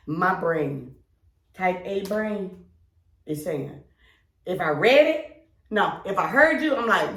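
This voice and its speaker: A woman co-hosting a podcast, telling a long story in a loud, animated way, acting out her friends and swearing freely. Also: medium pitch, slow pace, pauses often. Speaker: podcast co-host. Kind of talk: casual chat. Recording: roomy echo.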